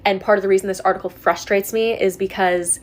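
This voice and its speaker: A woman's voice: mid-range voice, steady tone, fairly quick. A woman in a video clip explaining herself defensively, with many fillers. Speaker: content creator in a clip.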